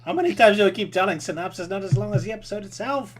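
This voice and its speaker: A man's voice: sits high, lively intonation, racing. A man hosting a podcast, chatting casually and joking with his co-hosts. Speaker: podcast host. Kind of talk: casual chat.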